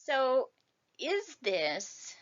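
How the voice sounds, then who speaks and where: A woman's voice: high voice, wildly swooping pitch, extremely slow, muffled recording. A woman in her forties giving a recorded university lecture in a conversational way, often checking in with "right?". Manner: conversational, tags sentences with "right?".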